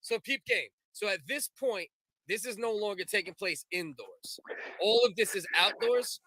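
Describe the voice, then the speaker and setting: A male podcast host with a bright, fairly high voice talks in a casual, conversational way. He breaks in to steer the guest back to the story, setting the scene for him. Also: lively intonation, normal speed, no echo. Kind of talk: casual chat.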